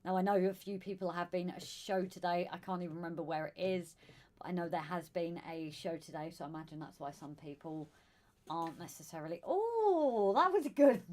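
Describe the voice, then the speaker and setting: A woman with a Southern English accent co-hosting a casual live stream, greeting viewers by name and calling them darling. Her voice is going hoarse. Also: fairly low pitch, flat delivery, brisk, darkish tone. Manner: chatty, calls viewers darling and sweetheart. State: losing her voice. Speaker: live stream co-host reading chat.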